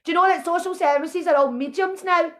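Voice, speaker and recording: A woman's voice: very high voice, brisk, a bit bright. A mother ranting with passion, angry and accusing, and at times pleading and emotional. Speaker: protesting mother. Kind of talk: impassioned video rant.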